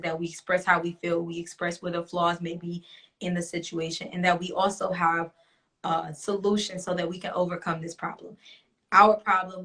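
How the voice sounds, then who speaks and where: A woman's voice: lowish voice, bright, forceful tone. A young woman hosting a talk show, chatting bluntly with an audience, swearing freely and laughing often. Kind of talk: casual chat to a live audience.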